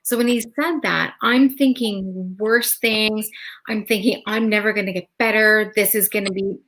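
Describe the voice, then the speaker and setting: A woman's voice: medium pitch, fairly even intonation, moderate pace, fairly bright tone, rough recording. Chatty woman telling her own story. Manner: chatty, retells dialogue with many "like"s. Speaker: live talk show host sharing her story. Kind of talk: casual live-stream storytelling.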